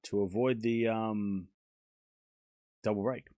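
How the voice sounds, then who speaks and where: A man's voice: fairly low pitch, steady tone, slow, dark tone, dry recording, studio quality. A man hosting a live tennis watchalong stream, giving casual commentary and chatting to his viewers, sliding into rants with swearing and sarcasm.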